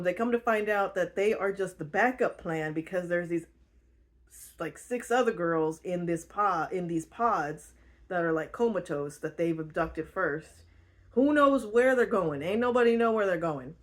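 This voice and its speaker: Young woman on her channel, slangy book recap, swears and laughs a lot, lowish voice. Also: unhurried. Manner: slangy, chatty, laughs often, swears freely. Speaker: channel host.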